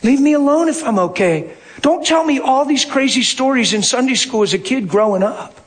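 Animated preacher, high voice, man. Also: normal speed. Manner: animated, swings from low murmurs to shouting. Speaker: pastor. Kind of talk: storytelling sermon.

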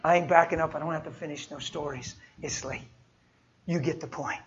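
A man with a high, light voice preaches in a folksy, heartfelt way, slipping into the voices of the people in his stories. The recording is dull and lo-fi, like an old church tape. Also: fairly even intonation, a little fast. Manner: folksy, heartfelt, acts out dialogue. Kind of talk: sermon with storytelling.

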